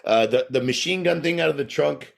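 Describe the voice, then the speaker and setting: Brief: male podcast co-host, a bit high, gravelly, animated and profane. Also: fairly quick. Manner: profane, animated, laughing while ranting. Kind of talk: casual chat.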